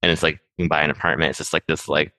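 A young man from Massachusetts, talking as a podcast guest in a rambling, casual way, full of "like" and quick laughs. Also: very deep voice, level tone, sharp tone, no echo. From Massachusetts, USA. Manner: rapid, rambling, heavy use of "like", quick laughs. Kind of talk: casual conversation.

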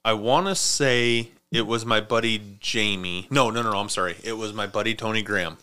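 A man's voice: on the low side, brisk, bright, forceful tone, clean tone. A man hosting a casual podcast from a small studio, joking and swearing freely as he rambles through stories. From Montana. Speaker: podcast host. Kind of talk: casual chat.

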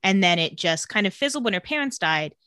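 A woman's voice: medium pitch, brisk, smooth, dry recording, studio quality. A woman co-hosting a podcast, casually retelling a TV episode and acting out the characters' lines as she goes. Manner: lively storyteller who acts out characters' lines. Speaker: podcast co-host. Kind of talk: casual TV episode recap chat.

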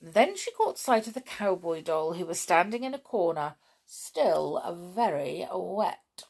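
Lively woman reading a children's story. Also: on the low side, unhurried, husky. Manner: lively, cosy and chatty with young listeners.

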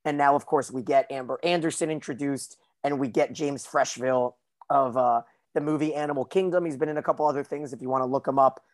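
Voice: mid-range voice, fairly even intonation, fast. A podcast co-host recapping a TV episode in loose, casual chat, peppered with filler words.

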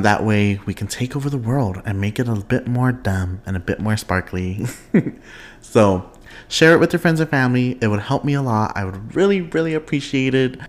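A young man hosting his own podcast in casual, expressive chat, laughing often and wandering off on tangents. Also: mid-range voice. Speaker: podcast host.

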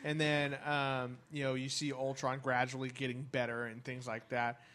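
A man's voice: mid-range voice, normal speed. A man in casual chat, recapping an event with lots of ums and casual swearing. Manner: rambling, excited, swears freely, many ums.

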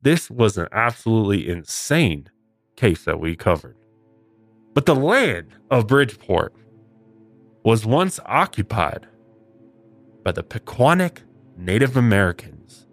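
A man's voice: fairly low pitch, very animated, unhurried, long pauses, faint music behind. A man hosting a comedy podcast, telling a paranormal story with mock-dramatic flair. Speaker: podcast host.

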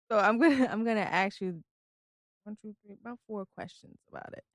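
A woman's voice: mid-range voice, moderate pace, no room sound. A woman in her thirties hosting a casual interview, chatty and giggly with lots of fillers. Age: 30s. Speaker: host.

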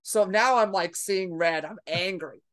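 In an unhurried, mid-range voice, a female comedian shares an anecdote from a club while chatting casually on a podcast. Her delivery is brash and full of profanity, and she animates the tale by voicing the people in it.

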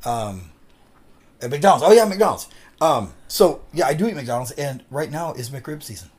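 A man's voice: on the high side, animated, normal speed, darkish tone, husky. A man co-hosting a casual podcast, rambling through stories, laughing often and swearing casually. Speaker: podcast co-host. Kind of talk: casual chat.

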